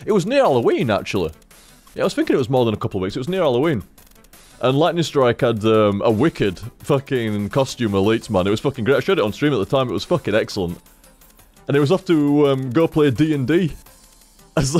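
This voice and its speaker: A young man with a medium-pitched, slightly mellow voice streams from a room at home into a studio mic on a desk stand. He rambles casually, swears freely and talks to his cat.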